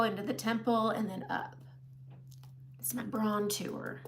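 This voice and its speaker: A woman's voice: medium pitch, a bit bright, a little hiss or hum. A middle-aged woman chatting casually through a makeup tutorial, self-deprecating and laughing often. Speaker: makeup live-stream host.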